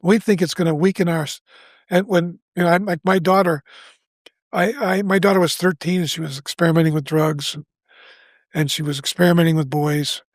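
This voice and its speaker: A man's voice: a little high, steady tone, brisk, no room sound. A man in his seventies, a podcast guest, telling a personal story candidly and earnestly. He restarts his sentences often and acts out the lines he quotes. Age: 70s.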